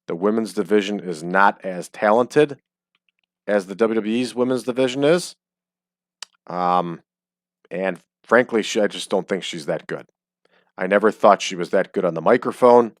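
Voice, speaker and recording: A man's voice: fairly low pitch, dry recording. Chatty man with a dry, close voice. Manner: chatty, jokey, with frequent ums. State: hiccups. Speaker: game streamer. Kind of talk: casual let's-play commentary. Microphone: desk microphone.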